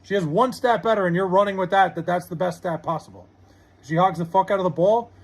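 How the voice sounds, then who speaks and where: Young man, live streamer, high voice, husky, heated arguing, lots of swearing. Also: a little fast. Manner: heated, argumentative, swears a lot. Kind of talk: live-stream chat debate.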